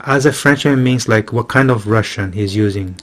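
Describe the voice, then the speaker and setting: A man's voice: on the low side, moderate pace. A man reading a classic novel aloud and explaining it line by line to a learner, repeating and rephrasing patiently. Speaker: English tutor.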